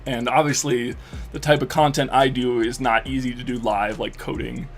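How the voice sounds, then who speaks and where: A male streamer chats loosely while gaming, swearing often and getting worked up as he rambles. His mid-range voice carries a gravelly fry, and faint music plays under it. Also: mid-range voice, normal speed. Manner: excitable, profane, filler-heavy rambling. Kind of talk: casual live-stream chat while gaming.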